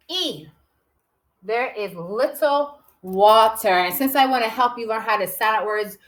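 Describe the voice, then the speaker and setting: A woman teaching kindergartners to write, her voice sitting fairly high. She sounds out each word slowly and spells it letter by letter, patient and encouraging, checking in with the children often. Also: a bit bright, low-quality recording. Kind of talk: recorded kindergarten writing lesson.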